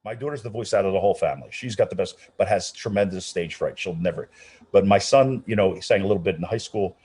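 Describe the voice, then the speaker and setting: A man's voice: sits low, quick pace, breathy edge. A middle-aged man, an opera singer, telling anecdotes in an interview with many restarts and acted-out voices. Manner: animated storyteller, many restarts, acts out quoted voices. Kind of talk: casual storytelling interview.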